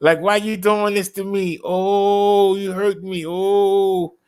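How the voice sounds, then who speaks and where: Man putting on a whiny overworked bike motor, pleading, raised pitch, whimpering. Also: level tone, takes it slowly, smooth. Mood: whining. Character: whiny old e-bike motor begging for mercy.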